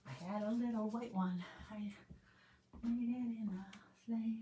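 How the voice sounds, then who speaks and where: In a fairly high, mellow voice with a steady tone and an unhurried pace, a woman hosts a card-making livestream over slight background noise. She rambles chattily, humming and singing to herself as she stamps and colours.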